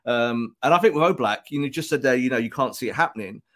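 Male football pod co-host, mid-pitched, animated, drops into quick put-on voices for imagined remarks. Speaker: podcast co-host. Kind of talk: casual football podcast chat. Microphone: podcast microphone.

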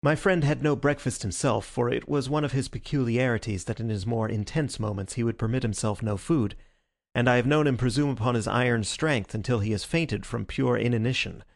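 A man narrating an audiobook in a steady, even reading style. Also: mid-range voice, a little fast, no echo, clean studio sound.

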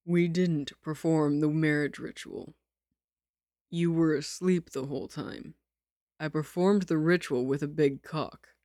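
A woman's voice: deep voice, unhurried, hardly any pauses, no echo, clean studio sound. Woman reading a cold, sneering young man. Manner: flat, clipped and suspicious. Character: cold, numb young man with a sharp temper.

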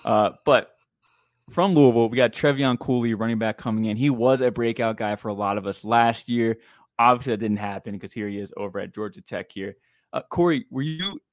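A man's voice: medium pitch, no echo, clean studio sound. A man co-hosting a casual fantasy football podcast, talking loosely with lots of fillers and blunt opinions. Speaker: podcast co-host.

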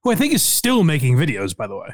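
A man hosting a podcast, chatting casually about comedy clips, excited and laughing, loose with fillers and swearing. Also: on the high side, fast, no room sound, studio quality. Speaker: podcast host. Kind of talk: casual chat reacting to clips.

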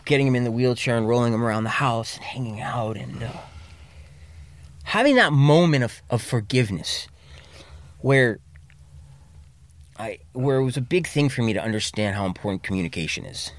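A man talks in a dry, close studio sound. He is a podcast guest with a candid, profane manner, full of restarts. His voice sinks quiet and low when the talk turns heavy, and he sits at an ordinary middle pitch for a man. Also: expressive, moderate pace, pauses often, no room sound. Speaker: podcast guest, recovery coach. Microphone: studio mic.

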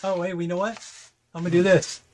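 A man's voice: high-pitched, little pitch movement, fast, a little hiss or hum. A man co-hosting a podcast, laid-back and teasing, also reading out a comedy history segment. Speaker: podcast co-host. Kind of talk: casual comedic chat.

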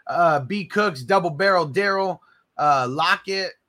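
A man hosting a casual live stream, answering viewers and giving hyped shout-outs. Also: sits high, a little slow. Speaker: livestream host.

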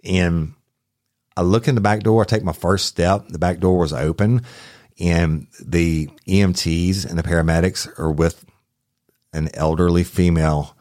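Man, very low voice, loose rambling storyteller who swears, dry close mic. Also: steady tone, a little slow, darkish tone, no echo. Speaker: podcast host recounting a police case. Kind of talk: casual storytelling.

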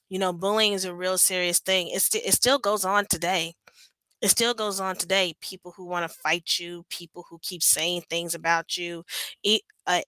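A woman's voice: on the low side, sharp tone, clean tone, no echo, poor audio. A woman hosting a podcast speaks sincerely and encouragingly, often repeating herself. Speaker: podcast host. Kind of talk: casual podcast monologue.

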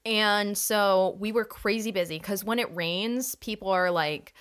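A woman's voice: medium pitch, steady tone, measured pace, a bit bright, clean tone. A young woman, a podcast guest, chatting casually and bluntly, with some swearing. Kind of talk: casual chat.

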